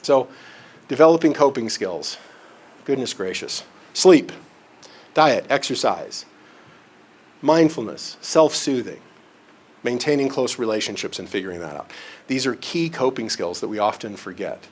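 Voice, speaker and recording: A man's voice: medium pitch, animated, a little slow, long pauses. A man giving a live presentation in a conference room, talking conversationally, often checking in with his listeners and using homely examples and self-deprecating humor. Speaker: presenter on relationships and counseling.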